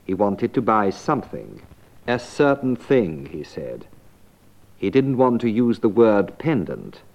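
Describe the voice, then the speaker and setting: Male narrator and teacher, measured and clear, lively intonation. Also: on the low side. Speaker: language course narrator and teacher. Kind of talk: scripted narration and explanation. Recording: dull lo-fi old tape.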